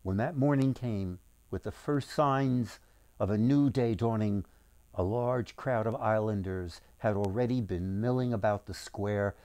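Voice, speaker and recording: A man's voice: lowish voice, measured pace, dark tone, dry recording. A man as author reading his own storybook aloud, with acted voices for the characters.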